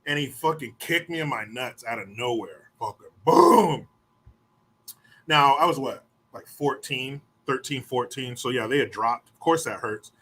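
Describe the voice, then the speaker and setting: A middle-aged man casually telling profane, animated stories from his school days, acting out what others said. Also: medium pitch, breathy edge. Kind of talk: casual storytelling.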